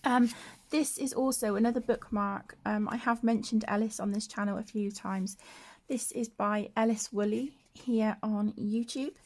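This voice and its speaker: A woman hosting a colouring vlog, soft-spoken and gushing, often dropping to a whisper, tired from broken sleep. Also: mid-range voice, fairly even intonation, moderate pace. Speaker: colouring channel host. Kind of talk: casual show-and-tell vlog.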